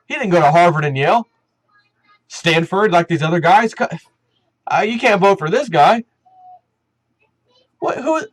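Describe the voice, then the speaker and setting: A man with a high voice delivers a heated, animated political rant, stumbling over fillers and restarting sentences. The sound is dry and close, with no room echo. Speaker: commentary channel host. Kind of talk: opinion rant.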